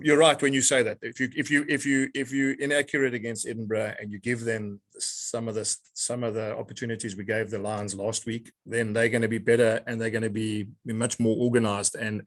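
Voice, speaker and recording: A middle-aged man with a fairly low voice answers press questions as a rugby coach. He speaks in a measured way, circling back on his own words while he thinks. The sound is dry and close, with no room around it. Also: no echo. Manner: measured, repeats words as he searches for them.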